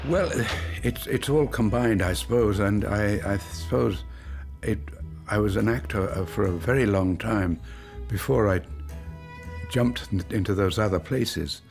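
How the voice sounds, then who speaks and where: A man's voice: lowish voice, measured pace, vocal fry, darkish tone, soft background music. An older actor speaking casually and hesitantly about his past. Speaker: interviewee actor.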